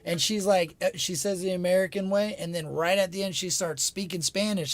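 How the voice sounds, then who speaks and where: A man's voice: high voice, fairly even intonation, fairly quick, hardly any pauses, no echo. A man chatting as guest co-host on a livestream, laid-back and slangy, calling people bro. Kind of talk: casual chat on a livestream.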